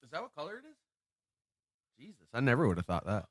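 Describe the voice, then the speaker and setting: A man's voice: medium pitch, huge pitch swings, fast, breathy edge, dry recording, studio quality. A man co-hosting a casual beer-tasting podcast chat, giving blunt, playful opinions. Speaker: podcast co-host.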